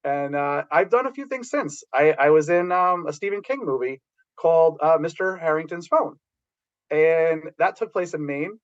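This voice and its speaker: A middle-aged man tells stories in a loose, rambling way, full of restarts. His voice sits a little high for a man. The recording sounds dull and lo-fi. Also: normal speed. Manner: rambling, animated storytelling with restarts. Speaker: guest, background actor. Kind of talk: casual anecdote telling.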